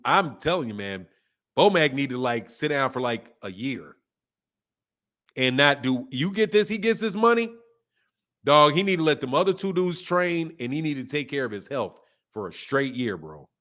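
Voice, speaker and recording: A man's voice: mid-range voice, fairly bright tone. A man in his fifties hosting a boxing channel, talking in loose slangy live-stream chat and laughing often. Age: 50s.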